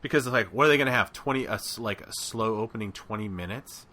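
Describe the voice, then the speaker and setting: A man co-hosts a casual podcast chat, his voice bright and forceful while sitting a touch low. He rambles loosely, filling his thoughts with fillers and quick asides. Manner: rambling, filler-heavy, animated. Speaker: podcast co-host.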